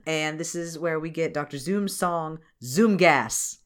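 A woman's voice: sits low, steady tone, moderate pace, smooth. A woman co-hosting a podcast, recapping a cartoon film in casual chat, laughing, swearing and acting out scenes in silly voices. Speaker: podcast co-host.

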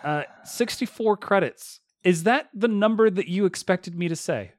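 An American man co-hosting a podcast in casual chat, lively and joking, often restarting his sentences. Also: sits high, normal speed, no room sound, studio quality. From United States, mostly Midwest. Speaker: podcast co-host. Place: Texas.

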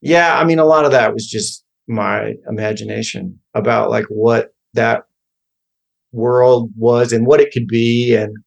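This Oklahoma-born guest actor, a man in his fifties, speaks at a measured pace in a mid-range voice with vocal fry. Telling stories in a casual interview, he rambles, stays wry, and keeps fixing his own sentences midway.

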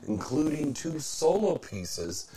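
Animated joking man. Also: a little high, slow, crowd noise, rough recording. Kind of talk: casual chat, reading trivia aloud.

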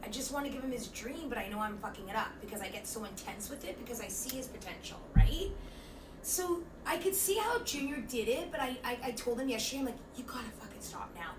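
A woman's voice: on the high side, fast talker. A middle-aged woman and mother chatting casually with friends, telling stories and acting out what people said, swearing freely. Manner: animated storyteller acting out quotes, swears freely. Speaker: podcast co-host, mother. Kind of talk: casual chat. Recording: echoey room, mic at a distance, noisy.

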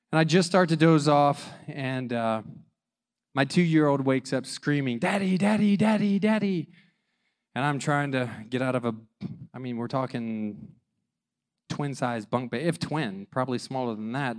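A man in his thirties with a medium-pitched voice tells a personal story about fatherhood. He's animated and self-mocking, acting out the dialogue.

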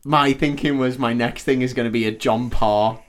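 He is a relaxed man in casual podcast chat, laughing easily and agreeing often. His voice has an ordinary mid-range male pitch. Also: normal speed. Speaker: podcast co-host.

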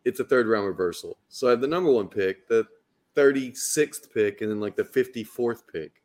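A man's voice: on the low side, moderate pace, a little mellow. A man co-hosting a casual podcast, teasing his partner, laughing and grumbling. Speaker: podcast co-host.

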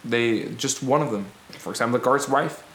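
A man's voice: mid-range voice, brisk, a bit bright, reverberant, slight background noise. A man playing a tabletop game, talking through plans in a thoughtful, casual way. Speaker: player.

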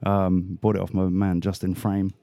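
A man's voice: low voice, monotone, moderate pace, creaky, warm tone, dry recording. A man from Australia, a podcast guest, telling rambling stories in casual chat and laughing often.

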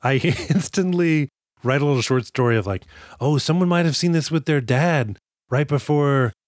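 A man's voice: on the high side, normal speed, no echo. Dry-sounding joking man co-hosting a podcast. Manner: jokey, acts out movie quotes with laughs. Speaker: podcast co-host. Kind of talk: casual chat.

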